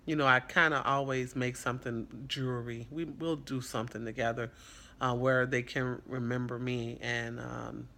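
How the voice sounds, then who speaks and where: Bright-voiced earnest man. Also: medium pitch, fairly even intonation, normal speed, vocal fry. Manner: earnest and reflective, rambling. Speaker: foster parent. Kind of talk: casual vlog talk.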